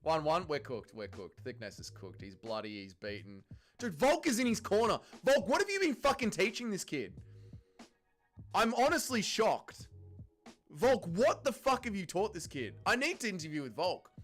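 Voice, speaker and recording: A young man hosts a fight watch-along stream, ripping into the fighters with profane, incredulous mockery. His voice sits a little high and jumps around a lot in pitch. Faint music plays behind him. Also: very animated, moderate pace, fairly bright tone. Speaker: livestream host.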